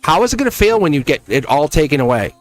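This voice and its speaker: A man giving a live-stream tarot reading, emphatic and animated, laughing often and slipping into a scolding teacher tone. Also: fairly high pitch, fast talker, faint music behind. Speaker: tarot reader.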